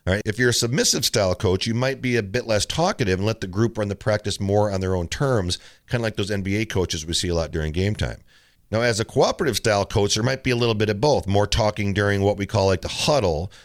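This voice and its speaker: Man, middle-aged, low voice, casual podcast host, tennis coach, storytelling. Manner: relaxed storytelling with mimicked quotes. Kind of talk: casual solo podcast talk.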